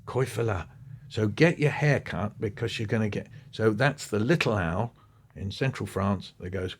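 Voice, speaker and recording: A man being interviewed about education, talking in a relaxed, conversational way. He tells lively anecdotes, thinks aloud with restarts and asides, and briefly acts out the voices of the people he quotes. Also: fairly low pitch, moderate pace, a little hiss or hum. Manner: animated storytelling, acting out quoted voices. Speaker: guest speaking on education.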